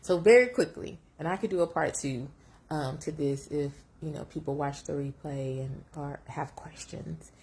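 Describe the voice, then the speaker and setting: A woman telling a personal story on camera, reflective and emotional, close to tears, with lively jumps when she quotes herself. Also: sits low, moderate pace, a little hiss or hum. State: tearful. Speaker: vlogger sharing a personal story.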